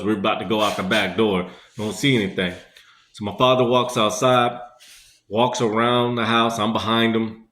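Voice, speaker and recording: A man's voice: on the low side, fairly bright tone. A man casually telling a personal story in a rambling, conversational way, full of fillers. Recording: echoey room.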